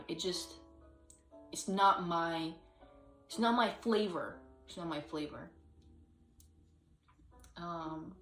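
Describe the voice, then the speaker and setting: Woman, casual vlogger, slow drawling ramble, full of fillers, a bit distant and echoey. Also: lowish voice. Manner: rambling, hesitant, many fillers, sudden sung and acted bits. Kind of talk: casual solo vlog chat.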